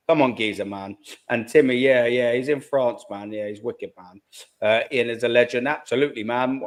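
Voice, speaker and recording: A man hosting a live fan call-in stream, chatty and slangy, swearing freely and calling everyone mate. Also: mid-range voice. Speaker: host of a fan call-in show. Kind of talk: casual live-stream chat.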